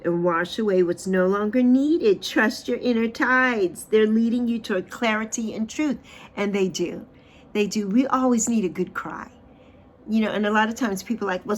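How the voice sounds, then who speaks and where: Expressive woman in her sixties, spiritual host. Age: 60s. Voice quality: expressive, swings pitch and loudness for emphasis. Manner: repeats phrases, drawn-out affirmations. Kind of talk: tarot card reading and uplifting chat.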